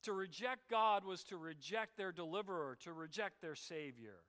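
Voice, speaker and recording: A man's voice: high voice, animated, moderate pace, fairly bright tone, long reverb tail. A man preaching a sermon with an emphatic cadence that swells and drops. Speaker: pastor.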